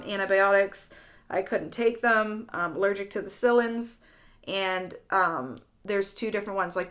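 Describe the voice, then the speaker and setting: A woman's voice: medium pitch, a bit bright. A young woman vlogger telling a candid storytime, rambling and swearing freely with lots of fillers. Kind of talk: storytime vlog.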